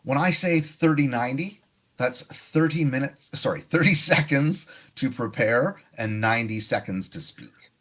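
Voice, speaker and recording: A man's voice: medium pitch, lively intonation, moderate pace, fairly bright tone. A man teaching a live online test prep lesson, explaining tasks and acting out sample answers. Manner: explanatory, demonstrative.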